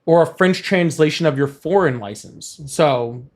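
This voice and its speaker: A man's voice: on the high side, normal speed, a little mellow. A man hosting a live political call-in stream, blunt and dismissive with callers and thinking aloud between calls. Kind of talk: casual live call-in chat.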